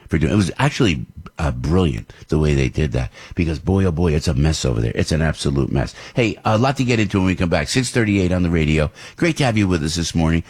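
A middle-aged man, hosting an opinion talk radio show in an emphatic, ranting monologue that climbs into shouts. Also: lowish voice, husky.

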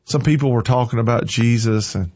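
Emphatic husky-voiced male preacher. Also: medium pitch, a little fast, highs cut off. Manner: forceful, emphatic, repeating lines for stress. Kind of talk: sermon.

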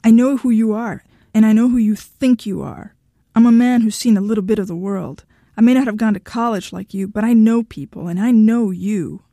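A woman's voice: fairly high pitch, normal speed, hardly any pauses, dark tone, no echo, studio quality. A woman voicing an adult husband who talks in an insistent, self-pitying way, pleading and possessive. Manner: insistent and whining.

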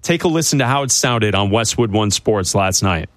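Sports radio host, dry studio sound. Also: male voice, on the low side, lively intonation, normal speed, fairly bright tone, dry recording. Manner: playful, teasing banter. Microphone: studio mic.

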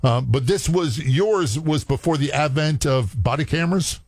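A man's voice: on the high side, normal speed, a little mellow, slightly rough, no echo. A former police officer hosting an interview, often stumbling and restarting his questions.

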